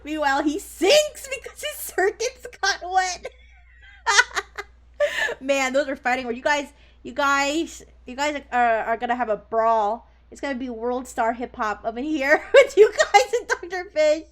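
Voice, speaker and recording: A woman's voice: high voice, very animated, unhurried, fairly bright tone. A woman streamer chatting casually on a live stream, bubbly and giggly as she talks with viewers and a chatbot.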